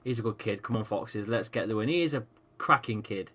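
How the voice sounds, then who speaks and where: A man with a lowish voice, talking a little fast, hosts a live stream watching football along with viewers. Excitable and swearing freely, he rants at the match and reads out viewers' chat messages.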